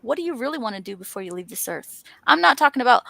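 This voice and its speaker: Woman with a high voice, earnest and encouraging, dry close sound. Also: lively intonation, racing, vocal fry, hardly any pauses, sharp tone, no echo. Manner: earnest, encouraging, emphatic lists. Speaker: author and panel host. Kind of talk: motivational casual chat.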